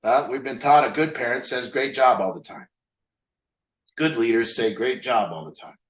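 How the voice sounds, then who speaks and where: A man's voice: medium pitch, expressive, normal speed, echoey room, rough recording. A man leading a recovery group, talking candidly and mocking himself, asking rhetorical questions. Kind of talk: group talk on a call.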